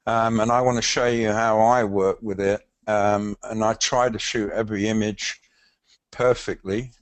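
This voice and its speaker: An older professional photographer with a London accent gives a casual webinar demonstration, speaking haltingly with lots of fillers. His voice is fairly low and steady in tone, and there's no room sound.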